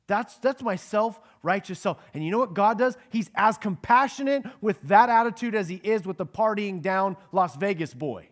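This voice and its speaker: A man's voice: high voice, expressive, normal speed, hardly any pauses. A man preaching a sermon to a congregation in a conversational way, asking them questions and acting out the lines of the people in the passage. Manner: acts out the characters' quoted lines. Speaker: pastor teaching a Bible passage.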